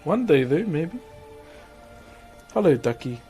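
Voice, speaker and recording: A man with a New Zealand accent, a streamer casually chatting with viewers while woodcarving, laid-back and quick to laugh. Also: on the high side, sing-song, warm tone, soft background music. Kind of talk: casual livestream chat answering viewers.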